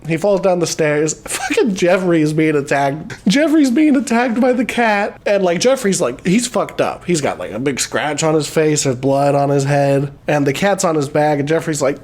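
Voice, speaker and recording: A man giving a casual movie recap, swearing often and briefly acting out the characters' lines as he retells the scenes. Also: fairly high pitch. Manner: profane, animated retelling with quick acted-out quotes. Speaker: movie reviewer.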